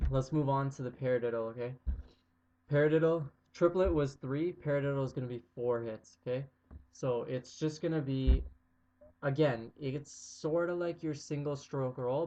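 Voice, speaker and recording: A man teaching drum rudiments in a casual video lesson. He talks in a relaxed way, checks in with "okay?" again and again, and counts out loud as he plays. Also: mid-range voice. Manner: relaxed, repeats "okay?" often, counts aloud loudly while playing. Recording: dull lo-fi sound with faint noise.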